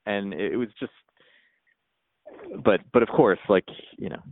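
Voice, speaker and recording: A man's voice: lowish voice, unhurried, no echo. A man co-hosting a podcast in casual sports chat, rambling with many restarts. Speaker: podcast co-host. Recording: tinny phone-like line.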